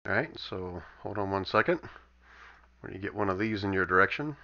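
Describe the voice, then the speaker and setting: A man's voice: low voice, animated, fairly quick, bright, forceful tone. A man running a tabletop game online as game master, wry and amused as he narrates the monsters' turns. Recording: dull lo-fi voice chat audio.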